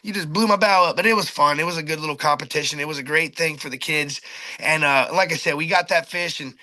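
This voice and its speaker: A middle-aged man tells a fishing tale in a high, bright voice. He races along, stumbles over restarts and acts out what everyone said. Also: fast. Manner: animated, restarts often, acts out his own quotes. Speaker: charter boat captain telling a fishing story. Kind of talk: excited casual storytelling.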